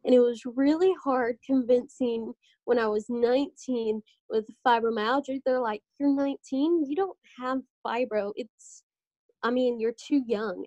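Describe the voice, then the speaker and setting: Animated young woman telling stories, bright voice. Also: a little high, measured pace, no echo. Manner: animated storytelling, acting out doctors' lines. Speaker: podcast host. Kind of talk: casual podcast chat.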